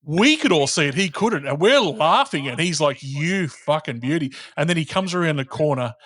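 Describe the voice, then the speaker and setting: A man's voice: fairly high pitch, expressive, brisk, a bit bright, no room sound. A man, a podcast guest telling stories in casual chat and swearing freely.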